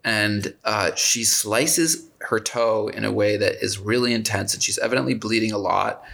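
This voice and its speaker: Male co-host, low gravelly voice, loose self-correcting banter. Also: moderate pace, fairly bright tone. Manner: rambling, self-correcting, wry. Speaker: podcast co-host. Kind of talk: casual recap chat.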